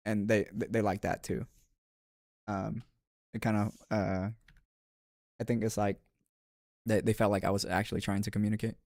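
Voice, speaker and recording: A man's voice: on the low side, darkish tone, no room sound, clean studio sound. A man streaming and chatting casually with viewers, rambling with frequent restarts and filler words. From United States.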